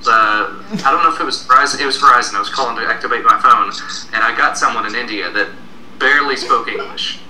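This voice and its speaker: A man co-hosting a casual tech chat, telling stories in a relaxed way with fillers. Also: medium pitch, fast. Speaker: co-host. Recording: distant, echoey room with faint noise.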